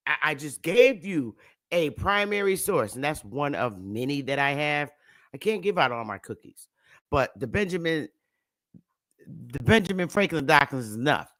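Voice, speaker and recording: A woman's voice: rumbling low, no room sound, clean studio sound. A woman giving a casual, emphatic lecture to camera, with repetitive, preachy asides. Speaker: self-styled history teacher.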